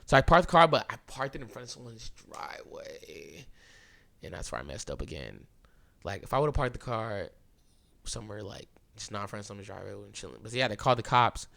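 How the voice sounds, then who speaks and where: A man's voice: fairly low pitch, a little fast, creaky. Young man telling a story, bro-heavy. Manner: animated, keeps saying "bro" and "like"; acts out quoted lines, drops to a hushed voice at times. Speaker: podcast host. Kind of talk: casual storytelling.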